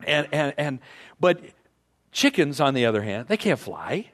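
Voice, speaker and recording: A man's voice: fairly high pitch, big pitch swings, unhurried, a bit bright. A man giving a motivational talk to a group, rambling with restarts and playful asides as he tells a parable. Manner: imitates animal sounds. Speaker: speaker to a group.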